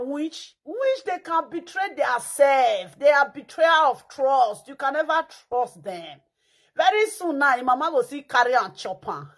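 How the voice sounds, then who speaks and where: With a bit of brightness to her high pitch, a woman with a Nigerian Pidgin accent mocks and dramatizes as she comments. Her talk slides into sing-song chants and exaggerated wailing.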